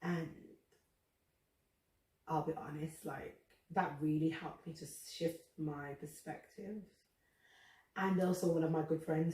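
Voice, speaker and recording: A woman hosting a faith podcast, talking candidly and emotionally about her personal struggles. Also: low-pitched. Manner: earnest, emotional, confessional. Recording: roomy echo, distant from the mic.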